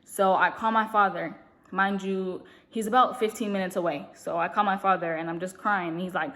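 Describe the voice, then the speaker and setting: A young woman vlogger telling a long story in a casual, rambling way, talking fast and full of fillers. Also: on the low side, steady tone, a bit bright. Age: young adult. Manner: speaks fast.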